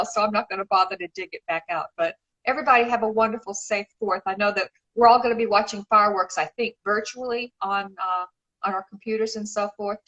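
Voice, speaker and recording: This middle-aged Memphis, Tennessee, USA woman, a shoe designer and regular guest, has a fairly high, bright, forceful voice heard through a muffled recording. She gushes in casual live-stream chat and calls people darling.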